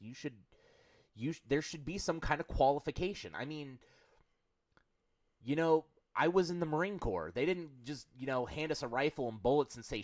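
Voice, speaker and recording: A man co-hosting a casual podcast chat, emphatic and quick to swear. His voice sits at an ordinary middle pitch. The sound is dry and close, with little room echo. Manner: blunt, profane, emphatic. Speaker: podcast co-host.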